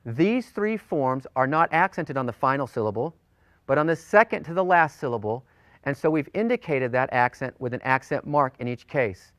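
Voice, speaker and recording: A man's voice: medium pitch, fairly bright tone, clear, resonant tone, no room sound. Man teaching a recorded language lesson. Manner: deliberate, repeats forms slowly for drilling. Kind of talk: recorded lecture.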